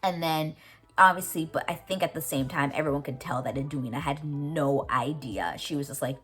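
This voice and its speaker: A woman's voice: sits low, lively intonation, normal speed, fairly bright tone. A young woman recapping a TV episode in a casual, gushing way, swearing freely and saying "like" a lot. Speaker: TV reaction vlogger.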